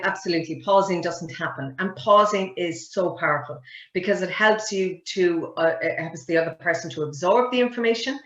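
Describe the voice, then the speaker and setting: A woman, a communication coach giving a lively webinar lesson and quizzing her audience. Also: on the low side. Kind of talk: webinar teaching. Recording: roomy, dull webinar audio.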